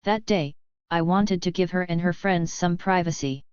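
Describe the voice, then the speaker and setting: Grave woman reading in a low, smooth voice. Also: normal speed, darkish tone, dry recording, lo-fi sound. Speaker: reader of first-person testimony. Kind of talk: measured audiobook reading.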